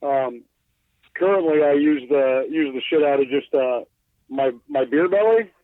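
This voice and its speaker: Over a tinny phone line from inside his bus, a guest glassblower gives a casual podcast interview, self-deprecating and loose, full of swearing and filler. His voice runs a little high at a measured pace, and the recording is dry.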